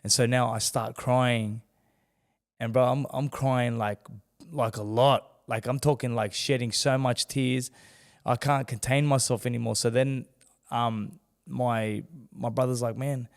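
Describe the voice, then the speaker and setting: A man with a gravelly voice tells a story as a podcast guest, animated and acting out the people he quotes. His voice carries a long reverb from the room around him. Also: mid-range voice, measured pace. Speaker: guest, former world champion boxer. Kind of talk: candid storytelling in a podcast interview.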